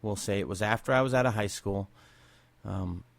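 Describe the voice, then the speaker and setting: A man's voice: on the low side, moderate pace, creaky, no echo. A man in his forties from Southern California, hosting a podcast and telling personal stories off the cuff in a candid, emotional way, often restarting his sentences. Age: 40s. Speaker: podcast host. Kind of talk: unscripted personal storytelling.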